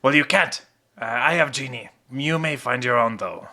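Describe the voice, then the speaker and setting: A man's voice: mid-range voice, moderate pace, sharp tone, pitched above the performer's own voice. A man voicing an eager, friendly kobold in a tabletop game, with earnest broken phrasing. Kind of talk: tabletop role-play voice.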